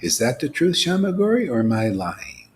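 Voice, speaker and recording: A man giving an informal, animated devotional talk as a spiritual teacher, dropping to whispers and rising to exclamations. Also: medium pitch, moderate pace, slight background noise. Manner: animated preaching, swings from whispers to loud exclamations.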